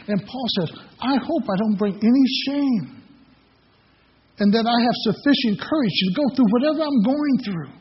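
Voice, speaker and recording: A man's voice: extremely high pitch, husky. A middle-aged man preaching a sermon as pastor, telling folksy personal stories between scripture readings. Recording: echoey hall, dull lo-fi sound.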